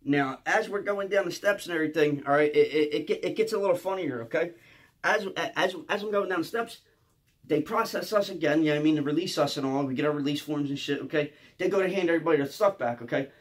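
Fast-talking, high-voiced male comic storyteller. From Philadelphia. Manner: profane, excitable, keeps asking "okay?"; stammers and restarts often. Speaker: comedian.

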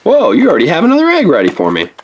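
Low-voiced woman, playful toy unboxing. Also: very fast, background noise. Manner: animated, exclaiming over toys, coaxing a child.

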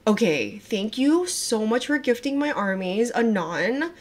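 A young woman livestreaming a reaction, talking in a gushing, excitable way, swearing often and trailing off mid-sentence. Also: fairly high pitch, a little slow. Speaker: livestreamer reacting to music videos. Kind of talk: casual livestream chat.

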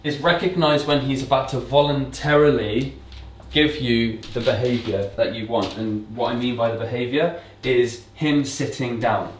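A man's voice: medium pitch, moderate pace, recorded from a distance, a little hiss or hum. Man explaining dog training in a roomy echo. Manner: relaxed, explanatory, repeats commands to mimic owners. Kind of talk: casual instructional talk. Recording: roomy echo, speaker away from mic.

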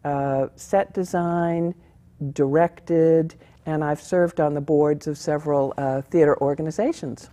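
A woman actor answering interview questions in a friendly, measured way. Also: sits low, steady tone, warm tone. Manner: friendly, measured, chuckles at herself. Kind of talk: casual interview.

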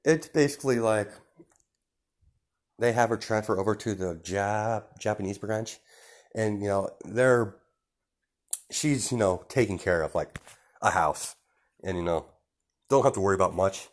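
A young man improvising a fan story aloud, rambling and halting with many fillers and restarts. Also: lowish voice.

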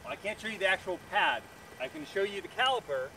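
A man's voice: high voice, lively intonation, quick pace, pushed and bright, far from the mic, a little hiss or hum, rough recording. A man hosting a live car Q&A outdoors, talking casually and giving blunt opinions with plenty of fillers, recorded on a phone camera. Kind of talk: casual live-stream chat.

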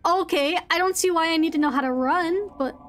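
High-voiced woman streamer. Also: a little fast, a bit bright, a little hiss or hum. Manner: playful, chatting with viewers. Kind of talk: casual gaming chat.

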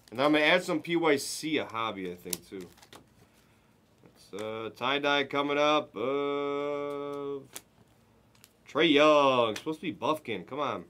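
A man hosting a live card break, giving excited running commentary as he opens packs and chats with viewers. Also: on the high side, a little hiss or hum.

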